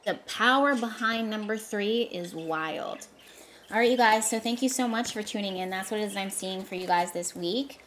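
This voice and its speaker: A woman's voice: medium pitch, normal speed, fairly bright tone, slight background noise. Emphatic woman giving a tarot reading. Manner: emphatic, repetitive, talks straight to viewers. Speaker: tarot reader. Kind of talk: casual tarot reading to camera.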